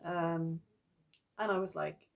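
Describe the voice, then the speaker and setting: A woman's voice: slow, gravelly. A middle-aged woman casually telling ghost stories in a chatty, meandering way. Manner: chatty and meandering, breaks into lively high-pitched acted quotes. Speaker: spiritual vlogger.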